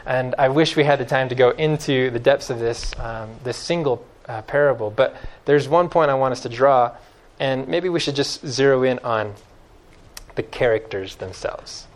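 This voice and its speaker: A man preaching a sermon, emphatic and fond of repeating key phrases, swinging from loud stresses to hushed lines. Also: medium pitch, normal speed.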